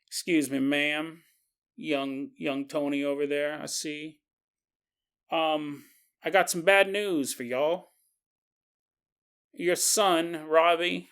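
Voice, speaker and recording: A man's voice: on the high side, steady tone, takes it slowly, pauses often, fairly bright tone, clean tone. A man voicing a chatty small-town male sheriff with an exaggerated homespun drawl. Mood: folksy. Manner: exaggerated southern-style drawl, rambling and homespun.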